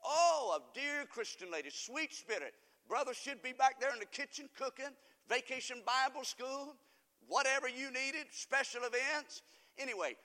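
A man preaching a folksy sermon to his congregation, rambling through stories and swinging from soft asides to loud emphasis. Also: very high voice, moderate pace. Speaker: pastor. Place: church sanctuary. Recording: reverberant church hall.

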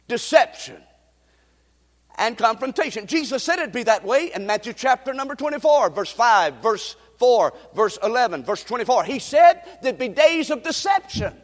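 A man preaching a sermon emphatically, repeating phrases and rising to shouts, recorded in a church sanctuary. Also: very high-pitched. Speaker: pastor. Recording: long reverb in a large hall.

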